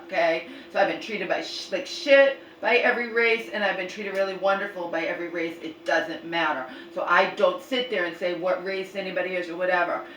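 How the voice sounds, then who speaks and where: A woman's voice: medium pitch, fairly bright tone, roomy sound, far from the mic, a little hiss or hum, low-quality recording. A woman vlogging a rambling, exasperated story and retelling arguments, swearing now and then.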